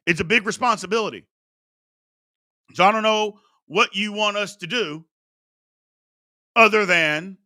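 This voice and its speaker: A man hosting a live-stream sports talk show, opinionated and animated, repeating his points for emphasis. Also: high-pitched, no echo, studio quality.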